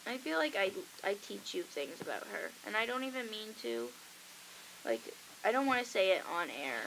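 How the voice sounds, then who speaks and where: A woman's voice: mid-range voice, very animated, moderate pace, vocal fry, background noise. A young woman hosting a college radio show, chatting casually and acting out the voices in her stories. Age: young adult. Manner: chatty storytelling, acts out quoted voices. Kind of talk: casual chat.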